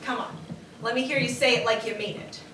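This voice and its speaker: A woman's voice: a little high, fairly even intonation, brisk, noisy background, close to an everyday voice. A woman playing a cruel, controlling husband who mocks and demands, recorded from a distance. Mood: taunting. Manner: mocking, coldly demanding. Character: cruel controlling husband, grown man, taunting. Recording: roomy, distant camera mic.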